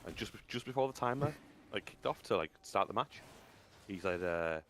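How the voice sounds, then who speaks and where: A man's voice: on the low side, animated, moderate pace. Rambling gamer guy, faint noise. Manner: rambling, stumbling restarts, laughing storyteller. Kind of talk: casual chat while gaming.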